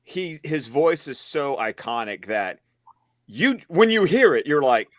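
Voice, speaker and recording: An animated man co-hosts a casual chat, and his pitch swings wildly. His voice sits fairly high and he restarts his phrases in quick bursts. The sound is dry. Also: dry recording. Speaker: stream co-host.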